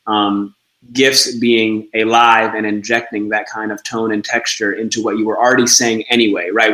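A man's voice: fairly low pitch, bright, forceful tone. Earnest man in an echoey room. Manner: earnest, repeats words while searching for ideas. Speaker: interview guest, project co-founder. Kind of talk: reflective conversational interview talk.

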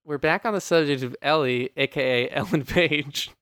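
A man's voice: on the high side, moderate pace, fairly bright tone, smooth. A man co-hosting a podcast in casual chat, jokey and swearing, often laughing. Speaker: podcast co-host.

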